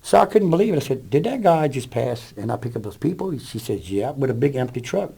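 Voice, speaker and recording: A man's voice: medium pitch, very animated, fairly quick, creaky, dark tone, husky. A plainspoken man telling about a rescue in an interview. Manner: blunt, plainspoken. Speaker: volunteer rescuer. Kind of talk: interview storytelling.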